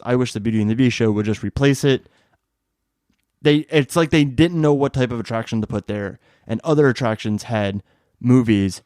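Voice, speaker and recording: Chatty low-voiced man co-hosting a podcast. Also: a little mellow, dry recording, clean studio sound. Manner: chatty, rambling with fillers. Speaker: podcast co-host. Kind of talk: casual chat.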